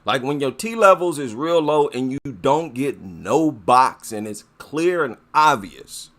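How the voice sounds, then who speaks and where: A man hosting a casual monologue commentary, talking in a slow, deliberate way with filler words and repeated phrases. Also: lively intonation, fairly bright tone. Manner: drawn-out emphasis, rising pitch on stressed points. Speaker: commentary channel host.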